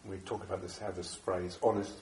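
A man with a congested, bunged-up voice from a cold, giving a Buddhist dharma talk to a group in a halting way with many fillers and restarts. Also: low voice, level tone, dark tone, a little hiss or hum. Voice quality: bunged up, nasal. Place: echoey room with a small audience. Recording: echoey room recording.

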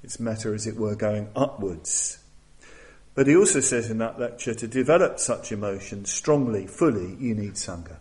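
A man giving a Buddhist dharma talk, thoughtful and hesitant, with many restarts and pauses. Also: on the low side, a little mellow, low-quality recording. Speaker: Buddhist teacher.

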